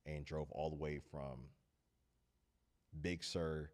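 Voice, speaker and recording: A man's voice: very deep voice, little pitch movement, slow. A man hosting a casual, heartfelt monologue, speaking earnestly and telling stories in a loose, rambling way. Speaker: host of a talk channel.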